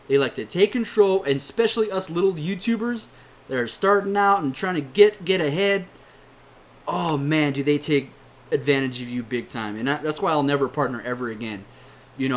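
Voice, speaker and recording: A young man, a YouTuber, delivering a heated, profane rant to his viewers, blunt and swearing often. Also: fairly high pitch. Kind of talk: angry rant to camera.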